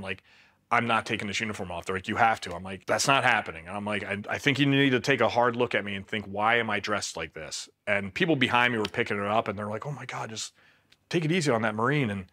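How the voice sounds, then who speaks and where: Bright-voiced man telling a story. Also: on the low side. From Pennsylvania, USA. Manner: retells events by acting out quoted dialogue, many "like" fillers. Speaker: guest, Marine veteran. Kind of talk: casual storytelling.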